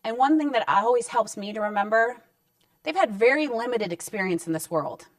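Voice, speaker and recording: Woman counselor, relaxed and reassuring parenting talk, dry and slightly distant mic. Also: fairly high pitch, normal speed, no echo. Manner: conversational and reassuring, acting out short parent-child exchanges. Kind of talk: direct-to-camera parenting advice talk. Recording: dry sound with the mic set back.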